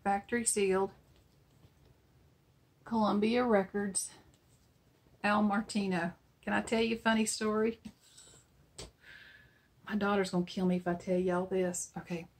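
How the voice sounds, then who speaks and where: Chatty breathy woman with a twang. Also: medium pitch, a little mellow. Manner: chatty, laughs while telling stories. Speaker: online vintage seller. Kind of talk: casual product showcase and storytelling.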